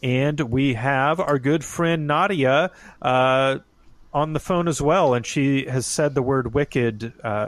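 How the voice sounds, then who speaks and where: A man hosting a casual music podcast, talking in a relaxed way with lots of fillers. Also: mid-range voice, measured pace. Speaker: podcast host.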